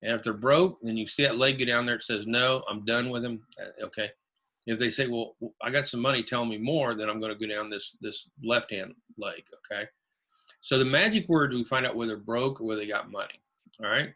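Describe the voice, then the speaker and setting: A man with a bright, forceful voice teaches a live online class. He hammers home his key phrases and repeats them, coaching his listeners in an emphatic way. His pitch sits in the middle for a man. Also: a little fast. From Ohio. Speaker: real estate investing instructor. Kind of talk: webinar teaching.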